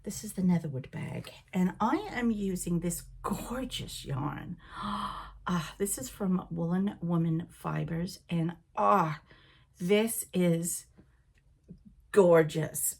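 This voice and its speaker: An older woman with a Liverpool accent softened by Canada hosts a knitting show, chatting and rambling with frequent laughs. Her voice sits on the lower side and still carries traces of a recent cold. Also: slow pace, creaky, husky. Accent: Liverpool with Canadian influence. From Liverpool, England. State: recovering from a cold. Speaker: knitting podcast host. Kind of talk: casual chat.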